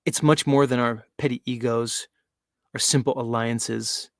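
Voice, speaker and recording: A man's voice: mid-range voice, fairly even intonation, unhurried, dry recording. A man hosting a show, talking casually in a mocking, rambling way. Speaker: host. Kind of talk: casual livestream talk.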